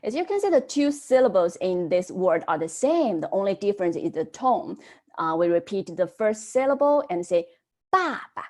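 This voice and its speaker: A woman teaching an online Chinese class, modelling words slowly and prompting students to repeat them after her. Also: medium pitch, sing-song, darkish tone.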